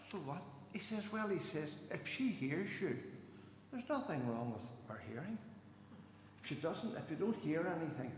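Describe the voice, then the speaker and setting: A man, a church elder telling jokes at a gathering and raising his voice for each character. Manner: animated storyteller, raises pitch for quoted voices. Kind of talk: after-dinner joke telling. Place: church hall. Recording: echoey hall, some noise.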